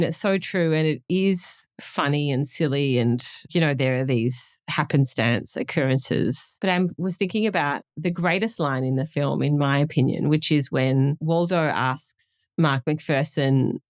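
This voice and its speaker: A woman's voice: low voice, a little slow, hardly any pauses, dry recording, clean studio sound. A woman in her thirties, a film historian talking casually on a podcast, musing aloud and laughing easily. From Australia. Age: 30s. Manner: thoughtful, laughs often, trails off mid-thought.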